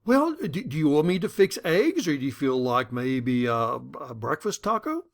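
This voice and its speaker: A man's voice: fairly high pitch, big pitch swings, moderate pace, creaky. A man voicing his own wife as a concerned, persistent woman who keeps asking questions in a raised voice. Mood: pleading, questioning.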